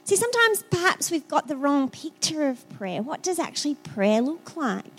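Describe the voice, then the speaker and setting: A high-pitched middle-aged woman with an Australian accent delivers a sermon. She talks the way she would chat to friends, telling stories and sometimes repeating words as she thinks. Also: very animated, normal speed, faint music behind. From South Australia. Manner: conversational, storytelling, repeats words. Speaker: preacher.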